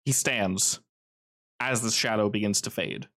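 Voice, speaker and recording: A man running a tabletop role-playing game, narrating scenes in a steady, descriptive way. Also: lowish voice, unhurried. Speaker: game master.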